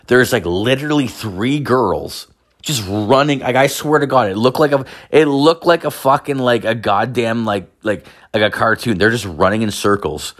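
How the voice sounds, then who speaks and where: Man, low voice, casual rambling storyteller, heavy swearing; brief: crude anecdote teller. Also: fairly bright tone. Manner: rambling, swears constantly, acts out quoted voices.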